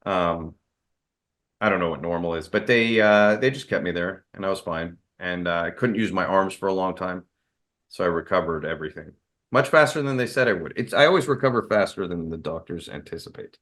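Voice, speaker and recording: His voice sits low and a bit bright, and he speaks briskly. As a guest on an interview show, the martial arts expert tells stories frankly, rambling with fillers and restarts.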